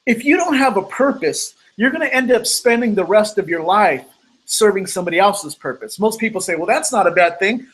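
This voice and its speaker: Speaking on an online video call, a male motivational speaker whose voice sits high relates a personal story in an earnest way, dramatizing the quoted lines. The recording quality is low.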